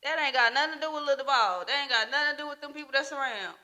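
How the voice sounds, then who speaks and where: Young female co-host, high and very bright, emphatic and argumentative. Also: very fast. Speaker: podcast co-host. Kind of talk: casual chat.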